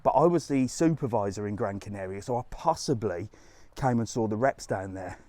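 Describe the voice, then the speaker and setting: A man's voice: lowish voice, lively intonation, fairly quick, mellow, no echo. A man hosting a live travel stream outdoors on a resort street, chatting to viewers, ranting and laughing often, with some swearing.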